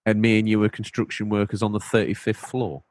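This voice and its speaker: A man's voice: on the low side, fairly even intonation, a little fast, a little mellow, dry recording. A man hosting a podcast, rambling playfully in casual chat. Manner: playful, rambling, breaks into silly put-on voices. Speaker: podcast host.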